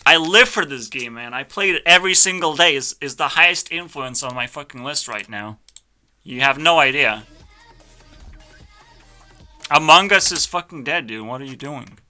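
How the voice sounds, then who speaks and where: Male YouTuber, live reaction rant; cocky, profane, piercingly bright tone. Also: on the high side. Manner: brash, swearing, mock-arrogant ranting. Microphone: headphones on, desk mic.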